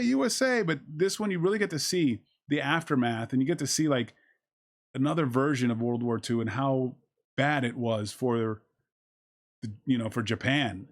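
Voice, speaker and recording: A man giving a casual, excited spoken movie review, rambling with many fillers and restarts, and acting out his reactions with sudden shouts. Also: mid-range voice.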